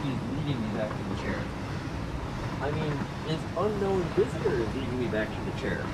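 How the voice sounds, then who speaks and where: Lively man chatting on a game stream. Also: medium pitch, normal speed, very noisy. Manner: chatty, coos and baby-talks to his cat. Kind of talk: casual game stream chat. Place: home, indoors.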